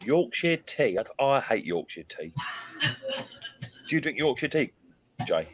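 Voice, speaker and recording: A man's voice: medium pitch, very animated, takes it slowly, background noise. Chatty English man hosting a live stream. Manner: chatty and teasing, laughs often, greets viewers. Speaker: livestream host. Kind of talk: casual group chat on a live stream.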